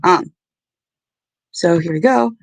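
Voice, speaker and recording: A woman hosting a casual livestream, talking in an earnest, halting and apologetic way. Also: lowish voice, expressive, creaky, dry recording. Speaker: livestream host.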